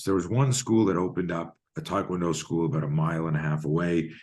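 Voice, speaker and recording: Man, 60s, low voice, expressive guest storyteller, salty language, heard over a video call. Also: a little fast, few pauses. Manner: lively, swears freely, acts out scenes. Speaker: guest, self-defense expert. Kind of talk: animated personal storytelling.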